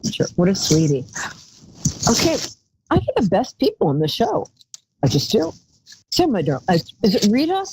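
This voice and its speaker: A woman's voice: mid-range voice, wildly swooping pitch, normal speed, pauses often, background noise. A woman hosting a live call-in psychic show, chatty and rambling, calling her callers darling.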